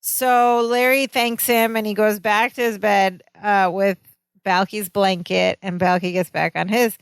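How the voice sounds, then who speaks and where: A woman co-hosting a podcast, retelling a sitcom episode in a lively, laughing, storytelling way. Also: mid-range voice, a little slow, clean tone, no echo. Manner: animated storytelling, laughs often. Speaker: podcast co-host. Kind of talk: casual chat recapping a sitcom episode.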